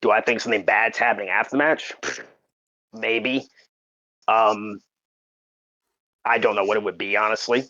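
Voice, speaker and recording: A man co-hosting a podcast, talking in a halting, emotional way full of fillers and restarts, fighting back tears. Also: on the low side, fairly even intonation, sharp tone, dry recording, dull audio. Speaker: podcast co-host. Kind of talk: casual podcast chat.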